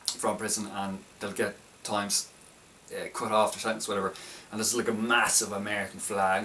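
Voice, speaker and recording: A man's voice: lowish voice, fairly bright tone, far from the mic, a little hiss or hum. A man casually reviewing a film, talking in a hesitant, stop-start way with many restarts.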